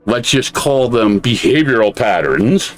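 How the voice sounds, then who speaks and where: American guy on a podcast, blunt and sweary, mid pitch, faint music behind. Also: expressive, measured pace. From United States. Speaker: podcast co-host. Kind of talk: casual podcast commentary.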